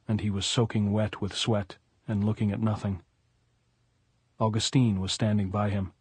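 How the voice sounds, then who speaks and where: A man narrating an audiobook in a measured, even storytelling manner. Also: lowish voice, husky, no echo.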